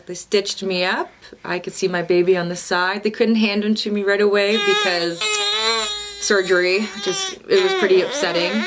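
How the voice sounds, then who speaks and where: A young woman vlogger and new mother, telling a personal story in a chatty, emotional way with lots of fillers and restarts. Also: mid-range voice.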